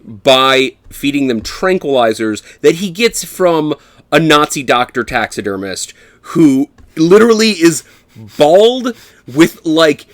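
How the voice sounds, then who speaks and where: A man's voice: fairly high pitch, big pitch swings, slow, dry recording. A man co-hosting a casual film review podcast, swearing freely and laughing as he recaps scenes. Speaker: podcast co-host.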